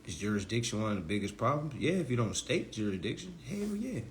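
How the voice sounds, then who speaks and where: A man lectures his followers in a loose, slangy live-stream, his pitch leaping up and down as he mocks people in high voices. A faint hiss of noise sits under the whole recording. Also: big pitch swings, quick pace. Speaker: online legal self-help teacher.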